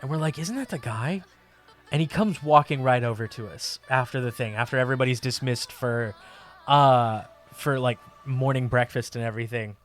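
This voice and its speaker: A man streamer telling a funny story in a casual, animated way, with many fillers and laughs. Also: medium pitch, fairly quick, faint music behind.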